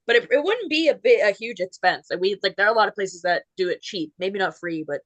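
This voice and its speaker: A woman from Saskatchewan, a podcast guest chatting casually in a relaxed, talkative way. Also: medium pitch, fast talker, dry recording, rough recording. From Saskatchewan, Canada. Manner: chatty, relaxed, laughs easily. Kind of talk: casual chat.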